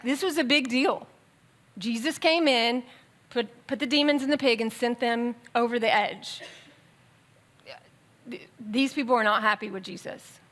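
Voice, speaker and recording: A woman preaching a sermon in a conversational, animated way, with quick bursts and asides. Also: fairly high pitch. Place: church sanctuary.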